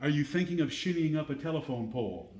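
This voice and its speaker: A man's voice: on the high side, lively intonation, quick pace, darkish tone. A man preaching a Bible-teaching sermon who reads scripture aloud in a raised, declaiming voice and asks the audience questions. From United States.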